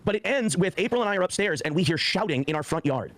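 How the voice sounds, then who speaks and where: A man's voice: high-pitched, animated, quick pace, a bit bright. A man in his forties telling a heated personal story on a podcast, swearing often and acting out what others said. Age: 40s. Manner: profane, heated, acts out quoted speech.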